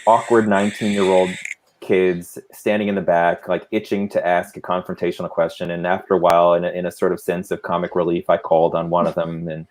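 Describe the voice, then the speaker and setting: Man, panel guest, fairly low voice, measured, anecdotal, casual discussion. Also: level tone. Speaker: guest speaker.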